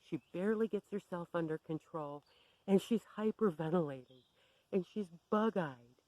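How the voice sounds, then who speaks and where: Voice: medium pitch, normal speed, darkish tone, dry recording, lo-fi sound. A storyteller recounting a personal story in a blunt, wry, candid way.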